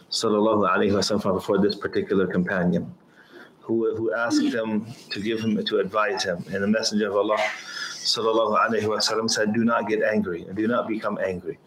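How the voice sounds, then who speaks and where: A man giving a religious lesson on hadith, reciting Arabic quickly and explaining in slower, halting English. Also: lowish voice, slight background noise. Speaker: Islamic teacher. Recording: roomy echo with faint ambience.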